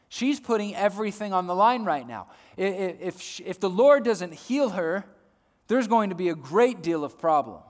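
A male preacher giving a sermon, swinging between loud emphasis and soft hushed lines, often repeating words as he builds a point. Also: high voice, expressive, normal speed. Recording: long hall reverb.

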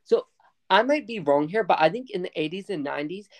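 A woman's voice: on the low side, animated, fairly quick, darkish tone. A woman co-hosting a casual movie review podcast, adding chatty, opinionated asides. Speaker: podcast co-host.

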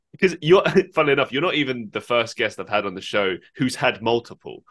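Expressive podcast host, bright lively voice. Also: male voice, medium pitch, normal speed. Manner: expressive, exclaiming, laughing. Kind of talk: casual interview chat.

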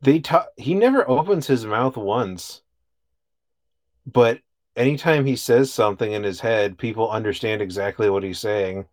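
A relaxed man with a fairly low voice chats as a co-host. He talks in an easygoing way, chuckles often and swears offhandedly. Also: normal speed. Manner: laid-back, chuckling, swears casually. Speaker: podcast co-host. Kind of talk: casual chat.

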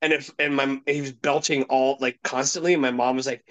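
A man's voice: mid-range voice, expressive, fairly quick, hardly any pauses, rough recording. A man hosting a podcast, telling rowdy stories in casual chat, swearing constantly and laughing at his own jokes. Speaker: podcast host.

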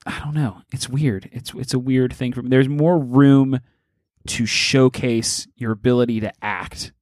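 A man's voice: mid-range voice, fairly even intonation, unhurried, a little mellow, no room sound, studio quality. Man hesitantly leading a podcast chat. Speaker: podcast co-host. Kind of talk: casual chat.

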